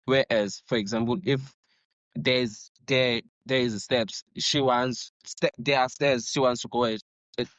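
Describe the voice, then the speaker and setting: A man hosting a podcast interview, speaking earnestly and haltingly, often restarting his sentences. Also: mid-range voice, steady tone, fairly bright tone, no room sound. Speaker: podcast host. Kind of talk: casual interview conversation. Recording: dull dry lo-fi sound.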